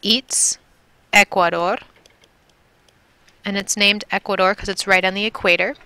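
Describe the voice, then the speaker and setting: A woman's voice: mid-range voice, fairly even intonation, a little slow, bright, forceful tone, clean tone, no room sound. A woman from Milwaukee, Wisconsin, teaching a Spanish lesson, patiently repeating and drilling words. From Milwaukee, Wisconsin, USA. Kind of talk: recorded classroom lesson.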